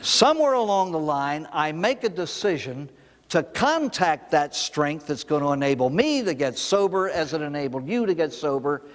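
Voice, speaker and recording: A man's voice: on the high side, moderate pace, big-room sound. An older man, a priest, giving a recovery talk to an audience, telling stories and asking rhetorical questions. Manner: storytelling, animated, with rhetorical questions.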